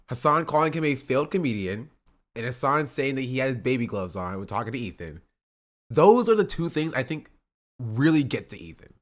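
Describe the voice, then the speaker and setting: Male streamer, casual reaction talk, medium pitch. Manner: chatty, repeats himself, reads chat aloud. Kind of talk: casual live-stream commentary.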